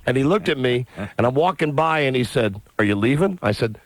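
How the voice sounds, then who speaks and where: A man hosting a radio show, telling stories in an animated way, acting out voices and reading a listener's letter aloud. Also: medium pitch, brisk, dry recording. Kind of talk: morning radio banter and storytelling.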